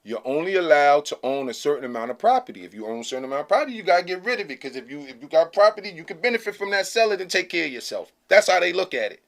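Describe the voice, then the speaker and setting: A man's voice: on the high side, big pitch swings, very fast, gravelly, few pauses. A man hosting his own channel, talking casually to camera in a blunt, slangy, emphatic way that keeps checking in with "okay?". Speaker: channel host.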